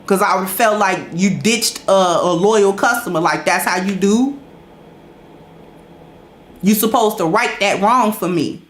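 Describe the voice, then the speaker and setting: A woman's voice: medium pitch, a little slow, long pauses. A woman talks straight to her viewers in a casual, emphatic way, preaching her points. Her voice sits in a middle range. The room around her is roomy and echoey. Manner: conversational, emphatic, preachy when making points. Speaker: host. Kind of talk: casual storytelling talk to a live chat.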